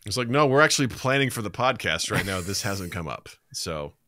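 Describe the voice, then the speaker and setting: A young man co-hosts a casual podcast, his voice bright and forceful with a lively, swooping pitch. He tells stories with laughs and acts out the people he quotes. The sound is close and dry, with no room around it. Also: brisk, no echo. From United States. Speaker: podcast co-host.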